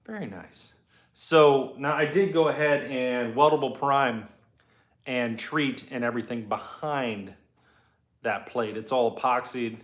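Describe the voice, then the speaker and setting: Cussing, laid-back garage host in an echoey room. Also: male voice, mid-range voice, unhurried. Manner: profane, rambling, laid-back. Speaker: host and car builder. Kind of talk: casual live garage chat answering viewer comments.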